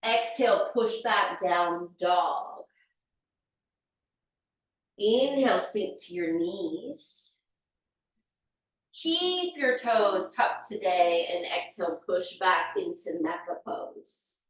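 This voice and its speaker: A woman guides a yoga class at an unhurried, deliberate pace, calling out breaths and poses one at a time. Her voice carries a heavy room echo and sounds distant from the microphone. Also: mid-range voice. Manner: calm step-by-step cueing with breath counts. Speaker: yoga teacher. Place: yoga studio. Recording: echoey room, voice from far off mic.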